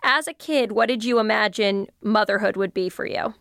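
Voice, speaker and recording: A woman's voice: medium pitch, gravelly, a bit bright, no echo, clean studio sound. Curious woman hosting an interview. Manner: curious, quick follow-up questions. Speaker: podcast host. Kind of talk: casual interview.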